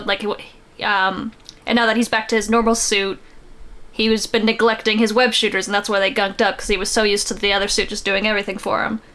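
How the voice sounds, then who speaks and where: A woman's voice: a little high, fairly bright tone. A woman guest on a comic book podcast, rambling casually and thinking aloud.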